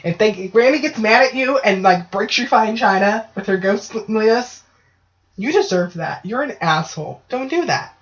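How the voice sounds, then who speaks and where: Female podcast host, casual and foul-mouthed, animated storyteller; muffled lo-fi sound. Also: medium pitch, normal speed. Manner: profane, ranting, animated storytelling. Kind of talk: casual chat. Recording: dull lo-fi podcast audio.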